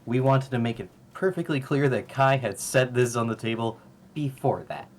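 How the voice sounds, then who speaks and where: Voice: medium pitch, moderate pace, a little hiss or hum. A co-host joining a live stream by call, speaking emphatically in casual opinion chat.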